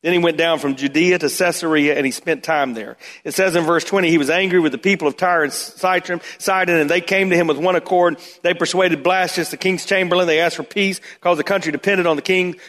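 Preaching man in a reverberant hall. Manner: dramatic, swings from loud emphatic bursts to hushed low asides. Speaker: pastor. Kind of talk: sermon.

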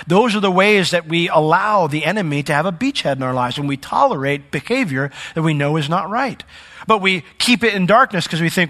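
A man preaching a sermon with earnest emphasis, rising sharply when he urges his listeners and dropping low for heartfelt points. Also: expressive, a little fast. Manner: earnest, preacherly, climbs high and loud when urging. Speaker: pastor.

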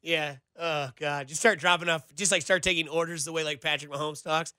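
A man hosts sports talk radio with a bright, forceful voice that sits a little high for a man. He rambles loosely from point to point, leaning on filler words. The studio mic sound is close and dry. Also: fairly even intonation, a little fast, few pauses, clear, resonant tone, no echo. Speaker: radio show producer and host. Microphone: studio microphone.

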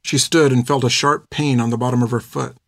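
Steady male audiobook narrator, dry sound. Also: mid-range voice, brisk, creaky, no room sound.

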